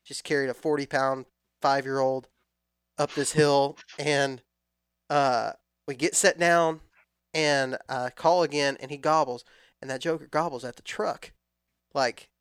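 A man in his thirties telling a long hunting story in a relaxed, rambling way with frequent restarts. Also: medium pitch, measured pace, clear, resonant tone, no room sound, clean studio sound. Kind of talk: casual storytelling chat.

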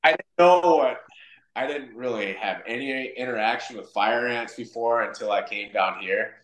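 A man's voice: medium pitch, normal speed. A man from Wisconsin, a podcast guest, telling casual stories and acting out the quoted dialogue. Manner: animated, acts out quoted dialogue. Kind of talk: casual storytelling in conversation. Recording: roomy echo.

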